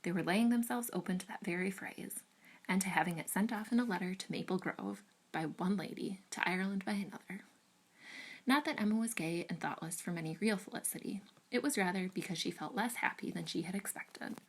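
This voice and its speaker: A woman librarian reading a classic novel aloud in measured, steady narration. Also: mid-range voice, slightly rough. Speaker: librarian reader.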